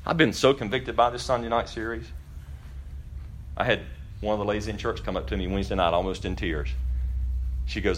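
During a church service, a pastor preaches a brisk sermon in a lowish voice. He asks pointed rhetorical questions and swings between loud emphasis and quiet asides.

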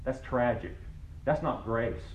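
A man's voice: medium pitch, expressive, slow, dull audio, slight background noise. A man pastor preaching a sermon, building to emphatic, rising passages.

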